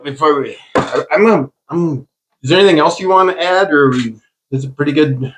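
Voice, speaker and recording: An older man hosting a podcast, telling small-town stories in a loose, animated way with bursts of laughter. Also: fairly high pitch, a little fast, background noise. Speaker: podcast host. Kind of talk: casual storytelling.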